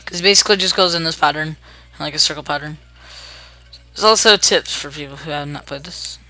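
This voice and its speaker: A young adult gaming host giving chatty, upbeat commentary while playing, narrating each move out loud. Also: medium pitch, fairly quick. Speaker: gameplay video host. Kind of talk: casual let's-play commentary.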